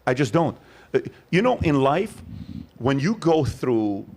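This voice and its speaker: A podcast host with a medium-pitched voice speaks at a measured pace in a casual chat. He's emphatic and tells stories, tossing in animated asides.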